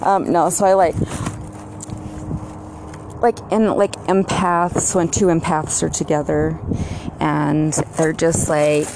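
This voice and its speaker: Slow, rambling woman with noise behind. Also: low-pitched, little pitch movement. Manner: slow, drawn-out and meandering, with many fillers. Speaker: vlogger. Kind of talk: rambling casual monologue. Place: at home, walking into her garage with dogs barking nearby.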